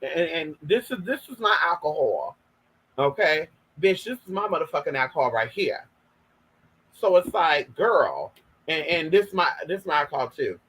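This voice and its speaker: A young man from Northern California spills stories straight to camera in a casual vlog, sassy, profane and forever calling his viewers girl and y'all. His voice sits high and sounds bright and sharp. There is a husky, breathy edge to it. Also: big pitch swings, moderate pace, low-quality recording. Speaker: vlogger. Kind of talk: casual storytelling monologue.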